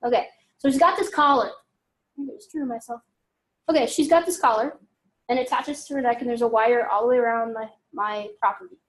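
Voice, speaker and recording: A woman's voice: on the high side, fairly quick. A woman giving a talk to a group, acting out dialogue and asking the audience questions. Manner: animated, acts out dialogue, asks audience questions.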